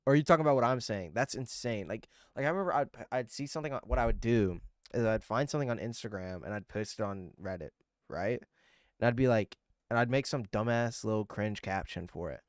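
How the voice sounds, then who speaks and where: A man's voice: on the low side, fast talker, dry recording, studio quality. A young man streaming and chatting loosely with viewers, swearing and getting irritated as he rambles. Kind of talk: casual livestream chat with viewers.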